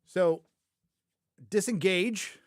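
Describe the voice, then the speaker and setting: This man's voice sits high and draws out its words, recorded dry in clean studio sound. He hosts a casual live review of a TV series, opinionated and rambling as he thinks aloud, frequently corrects himself, and repeats lines for emphasis.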